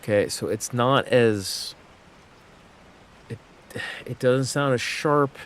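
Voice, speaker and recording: Speaking slowly in a medium-pitched voice, a native English-speaking man rambles through casual chat while streaming a game, full of fillers and restarts.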